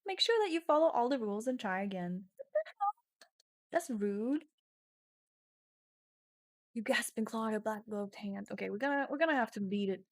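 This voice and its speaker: A woman's voice: fairly high pitch, lively intonation, moderate pace, pauses often, dry recording, studio quality. A woman streaming a text adventure game, reading the story aloud with casual swearing and sudden drops into whispers.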